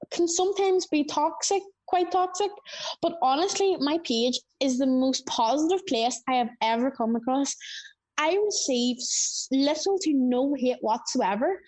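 High-voiced Northern Irish woman. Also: a little mellow. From Northern Ireland. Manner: enthusiastic, chatty. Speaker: interview guest, frog-raising creator. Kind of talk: casual interview answers.

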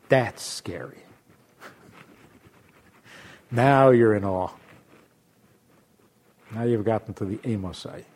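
A man teaching a Torah class, acting out imagined voices and laughing often, dropping to hushed asides and then rising loud. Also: lowish voice, husky. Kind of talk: lively spoken Torah class.

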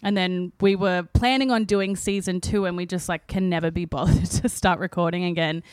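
A woman's voice: on the low side, fairly even intonation, normal speed, a little mellow, clean tone, no echo. Brief: giggly, self-deprecating woman, casual podcast guest, close dry mic. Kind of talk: casual banter.

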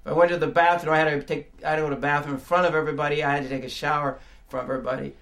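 An older man gives a sermon testimony in a notably high voice. He tells his story in low, hushed tones, then breaks into tearful shouting. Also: flat delivery, rapid-fire, gravelly. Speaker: preacher.

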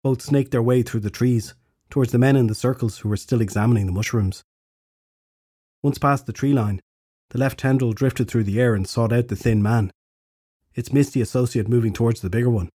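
A man reading an audiobook in a steady, measured way as its narrator. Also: medium pitch, no room sound, studio quality. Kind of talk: scripted narration.

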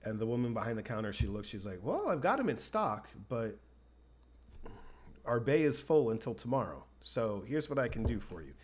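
A man from the United States telling a story in casual chat, lively and acting out the people he quotes. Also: on the low side, a little fast.

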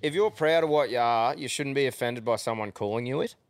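A man's voice: mid-range voice, brisk, no echo. A man from Central Queensland with a broad Australian accent, co-hosting a casual podcast, blokey and sweary, often laughing. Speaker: podcast co-host.

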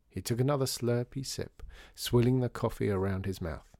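A man narrating a story in an expressive, wry way. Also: mid-range voice, a little fast, creaky, hardly any pauses, no echo, clean studio sound.

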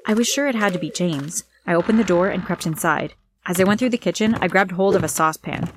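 A woman's voice: on the low side, fast, noisy background. A woman reading a first-person story aloud in an earnest, plain way. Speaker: narrator.

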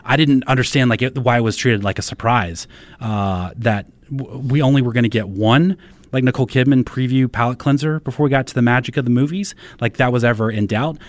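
Fast-talking deadpan man podcast host. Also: medium pitch, no room sound. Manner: deadpan, mock-serious. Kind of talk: casual pop-culture chat.

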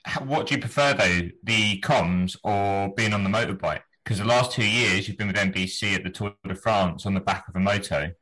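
An Englishman hosts a casual chat with a bright, forward voice in a lowish register. He asks his questions in a relaxed, friendly way. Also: brisk, hardly any pauses, poor audio. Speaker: podcast host.

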